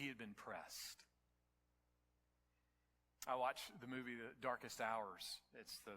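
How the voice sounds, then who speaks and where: A man preaching a sermon to his congregation, telling stories and building to near-shouts at the climaxes. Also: mid-range voice, in a large hall, slight background noise. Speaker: pastor. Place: church sanctuary.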